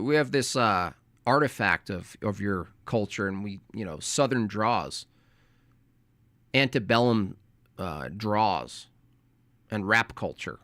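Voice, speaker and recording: A man's voice: medium pitch, a bit bright, dry recording. Sarcastic American man reacting to a debate. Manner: sarcastic, argumentative, with rapid bursts. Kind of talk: casual commentary.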